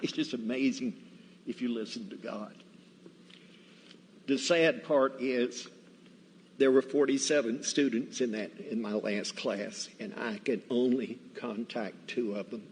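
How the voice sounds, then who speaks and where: A man preaching in a church, telling Bible and personal stories in a folksy, deliberate way. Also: medium pitch, a little hiss or hum. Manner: slow, folksy, deliberate storytelling. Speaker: guest preacher. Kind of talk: storytelling sermon. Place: church sanctuary. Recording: reverberant church hall, faint ambience.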